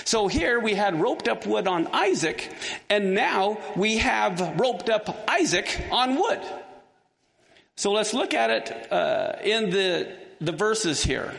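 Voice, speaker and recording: A man's voice: high-pitched, expressive, takes it slowly, vocal fry, a bit bright. A man teaching a Bible lesson to a class, asking his listeners questions as he walks them through a passage. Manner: engaged, asks the class questions. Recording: long hall reverb.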